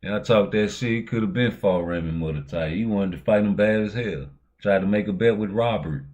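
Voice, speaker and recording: A man hosting a boxing talk show, chatting casually in animated, slangy, profane language. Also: lowish voice, a little fast. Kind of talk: casual chat.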